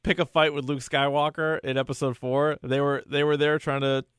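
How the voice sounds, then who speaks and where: A man's voice: fairly high pitch, flat delivery, normal speed, fairly bright tone, clean tone, no echo. A man co-hosting a casual movie discussion podcast, chatty and laughing often as he leads the questions. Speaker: podcast co-host.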